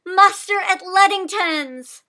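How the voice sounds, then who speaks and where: A woman's voice: sits high, slow pace, pitched above the performer's own voice. A woman voicing a brave young girl rider calling out the alarm. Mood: urgent shouting. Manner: urgent rallying shouts. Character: brave teenage girl rider rousing farmers.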